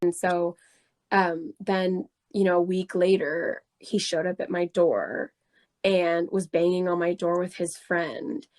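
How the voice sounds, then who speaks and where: A young woman in her twenties telling a story on a casual podcast, animated, laughing often and swearing freely. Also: on the low side, slow. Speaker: podcast co-host.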